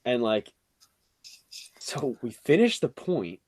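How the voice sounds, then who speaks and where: A man's voice: takes it slowly, no echo. A young man casually telling a funny story on a podcast, acting out quotes and using lots of fillers. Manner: animated, acts out quotes with rising pitch, filler-heavy "like".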